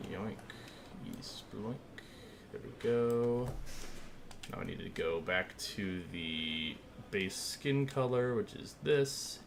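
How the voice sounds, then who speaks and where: A male streamer chats casually at his desk mic, his voice sitting on the lower side. He rambles and thinks aloud between fillers, calm and easygoing. A faint background hum stays under his voice. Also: creaky. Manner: thanks viewers and thinks aloud while working. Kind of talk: casual live-stream chat.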